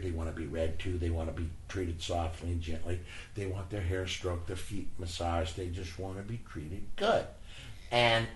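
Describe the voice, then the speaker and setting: Low-voiced man telling stories, echoey room. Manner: animated, acts out quoted voices, earnest. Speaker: hospice worker and spiritual guide, interview guest. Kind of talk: conversational storytelling. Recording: echoey room with faint ambience.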